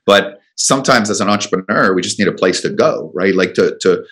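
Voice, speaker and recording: Deep-voiced man telling a story. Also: brisk, fairly bright tone. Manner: rambling, with restarts and acted-out dialogue. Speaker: business coach guest. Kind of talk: conversational storytelling. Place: radio studio.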